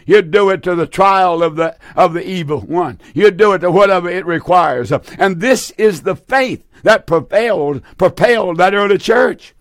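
A man preaching a Pentecostal sermon in a fervent way, often repeating himself and pausing on fillers. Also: sits high, dry recording, clean studio sound.

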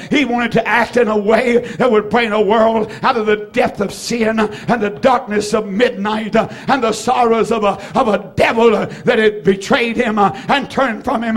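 A man preaching a sermon, with rhythmic repetition, swinging between shouted phrases and hushed ones. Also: sits high.

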